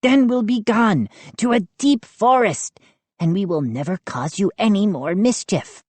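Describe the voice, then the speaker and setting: A woman voicing a small, pleading male lawn gnome with a raspy voice, speaking slowly and earnestly. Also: medium pitch, expressive, a little mellow, dry recording, voice pushed up.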